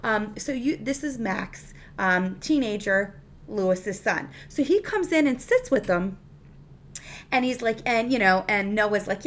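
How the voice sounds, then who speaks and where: A woman's voice: mid-range voice, animated, measured pace, slight background noise. Chatty woman recapping a TV episode. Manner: chatty, full of fillers and restarts. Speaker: TV episode reviewer.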